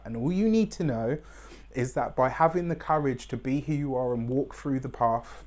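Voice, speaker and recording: Speaking at a normal pace in a medium-pitched, somewhat dark voice, a male tarot reader delivers his effusive weekly reading to camera. He keeps asking "right?" and wears his emotions openly, sometimes nearly crying.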